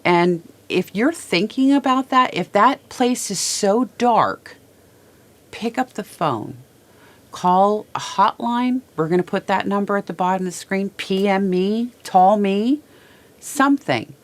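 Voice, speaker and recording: A woman host speaking to viewers from a small studio in a halting, emotional way, repeating words as she holds back tears. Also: mid-range voice, expressive. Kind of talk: heartfelt personal talk to viewers.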